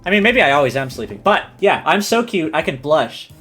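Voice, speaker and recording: A man streamer reading a silly story aloud and chatting with his viewers, animated and giggly. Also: on the high side, brisk, slightly rough, soft background music. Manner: animated, giggly, breaks into laughs.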